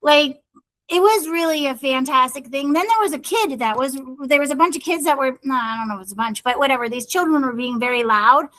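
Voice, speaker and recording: On a rough recording, a chatty middle-aged podcast co-host speaks fairly quickly in a high, slightly bright voice. She wanders happily through a personal anecdote in casual conversation, frequently speaking to her brother.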